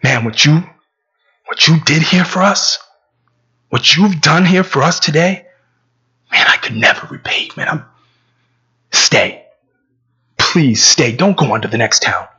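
A man's voice: a little high, lively intonation, a little slow, long pauses, sharp tone, husky, highs cut off, exaggerated voice. A man voicing a wealthy, hot-tempered older brother who talks bluntly and casually. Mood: grateful.

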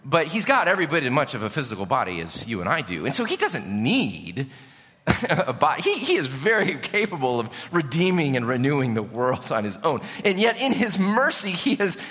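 Guy preaching a sermon, bright lively voice, big echoey church. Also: fairly high pitch, normal speed. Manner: animated, asks the congregation questions. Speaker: pastor. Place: church sanctuary.

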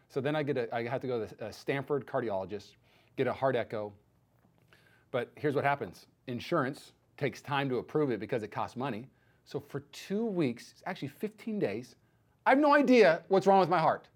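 A man in his thirties preaching a sermon as pastor, telling a personal story with animated acted-out dialogue. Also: medium pitch, normal speed. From United States. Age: 30s. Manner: animated storytelling, acts out quoted voices.

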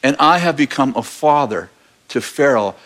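A man preaching a lively sermon, retelling a story with jokes and acted-out voices. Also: medium pitch, moderate pace. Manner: animated, acts out voices, jokey asides. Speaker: pastor.

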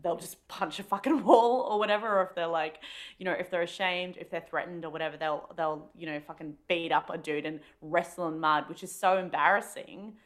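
A woman's voice: on the low side, brisk. An Australian woman co-hosting a podcast, talking frankly and with feeling, swearing freely in casual chat. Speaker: podcast co-host.

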